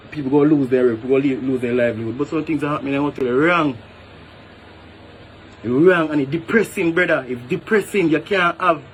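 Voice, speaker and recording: Man, Jamaican accent, quick emphatic speech, aggrieved tone, repeats "brother", faint ambient noise. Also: on the high side. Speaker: hotel worker speaking out. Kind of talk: venting to camera.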